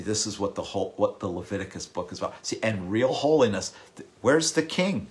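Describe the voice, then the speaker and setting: A man's voice: low-pitched, a little fast, a little hiss or hum. Impassioned man preaching a sermon. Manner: impassioned, with repeated words and sudden drops to a hush. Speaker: pastor.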